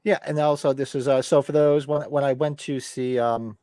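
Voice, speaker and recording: A man's voice: medium pitch, steady tone, moderate pace, mellow, no echo, clean studio sound. A middle-aged man co-hosting a podcast, telling rambling anecdotes in casual chat and acting out what people said. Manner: rambling anecdotes, acts out quotes. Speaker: podcast co-host.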